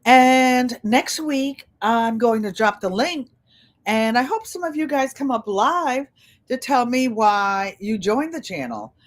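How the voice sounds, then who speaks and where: Slow-talking older woman with a Connecticut accent. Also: a little high, lively intonation. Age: 70s. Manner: chatty storyteller, addresses viewers as "you guys". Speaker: channel host. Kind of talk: live-stream chat. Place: indoor room with a large air conditioner. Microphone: computer.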